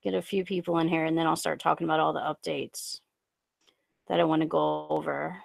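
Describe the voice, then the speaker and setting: Young woman, casual stream chat, rambling with fillers, gravelly voice, close dry sound. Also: low-pitched, level tone, no echo. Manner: rambling, halting, lots of um and like. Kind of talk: casual live stream chat, reading viewer comments. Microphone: USB desk mic.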